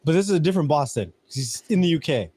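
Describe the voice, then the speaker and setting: A man's voice: on the high side, sing-song, fast, mellow, breathy edge. A man co-hosting a casual live-streamed podcast, talkative and often ending his points with a question for agreement. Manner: talkative, ends points with "right?". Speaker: podcast co-host.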